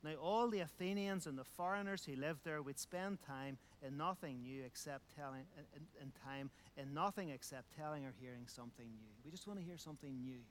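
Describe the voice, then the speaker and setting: A man's voice: a little high, moderate pace, hardly any pauses, slight background noise. A man preaching a sermon, emphatic, repeating phrases and asking rhetorical questions.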